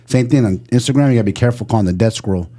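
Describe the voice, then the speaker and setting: A man hosting a podcast, chatting casually, upbeat and quick to agree and hype people up. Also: medium pitch, dark tone, husky. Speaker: podcast host. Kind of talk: casual chat.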